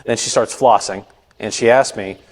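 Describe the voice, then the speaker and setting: A man's voice: lowish voice, steady tone, normal speed. A young man, co-hosting a podcast, telling a long rambling story in casual chat with lots of fillers. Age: young adult. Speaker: podcast co-host. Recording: long hall reverb.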